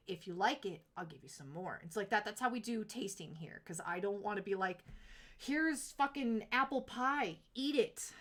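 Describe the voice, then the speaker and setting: Bright-voiced chatty woman streamer. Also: mid-range voice. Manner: chatty, rambling, heavy on "like" and quick laughs. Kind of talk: casual live-stream chat.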